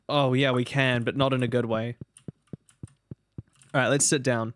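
A man streaming a game, rambling in animated casual commentary and talking to his chat. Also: medium pitch, normal speed, pauses often, a little hiss or hum.

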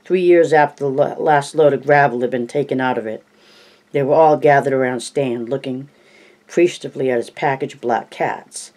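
Audiobook reader, amateur, mid pitch, coughs, stumbles, self-corrects. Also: fairly quick, a little mellow.

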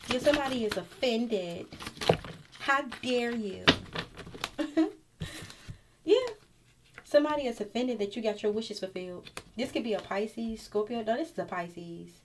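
A woman's voice: fairly high pitch, moderate pace, very noisy. A woman reading tarot cards straight to the viewer in a casual, blunt and profane way. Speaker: tarot reader.

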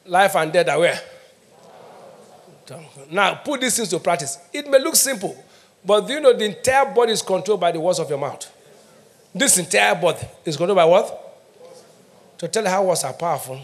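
Emphatic high-voiced Nigerian preacher man. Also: animated, moderate pace, long pauses. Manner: emphatic call-and-response preaching. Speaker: pastor. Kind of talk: sermon.

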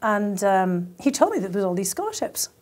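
A woman in her fifties from England, telling animated stories as an interview guest, laughing often and using many fillers. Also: mid-range voice, fairly quick. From County Durham, northern England. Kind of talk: conversational interview storytelling.

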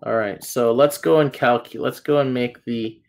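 A man with a mid-range, steady voice marked by vocal fry teaches math at a normal speed. He patiently explains each step of the classroom walkthrough, frequently asking "okay?" and "right?"

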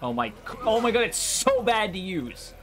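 A man's voice: sits high, very animated, moderate pace. A man casually commenting on his gameplay, often frustrated and swearing at the game and its characters. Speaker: gameplay streamer.

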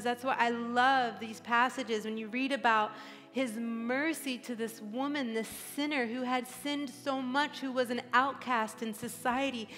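A woman's voice: on the high side, fairly bright tone. A woman in her forties preaching a heartfelt, tearful sermon in a large church hall. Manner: emotional, tearful, earnest preaching. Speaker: pastor. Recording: live church hall reverb.

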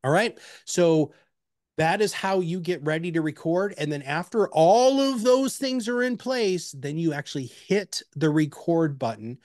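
A man presenting an instructional webinar, energetic and chatty, with personal anecdotes and emphatic repeated pleas. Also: on the high side, unhurried, no room sound, clean studio sound.

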